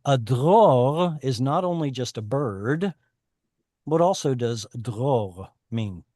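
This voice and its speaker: A man's voice: medium pitch, animated, slow pace, dark tone, no room sound, clean studio sound. A man teaching a Hebrew reading class over a video call, explaining at length and correcting himself often. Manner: explanatory, self-correcting, chatty.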